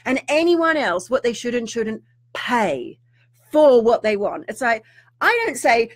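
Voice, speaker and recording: A middle-aged woman, a spiritual teacher talking to viewers in an animated, ranting way with mock-outraged asides. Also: fairly high pitch, moderate pace, slightly rough. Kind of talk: live-streamed rant to viewers.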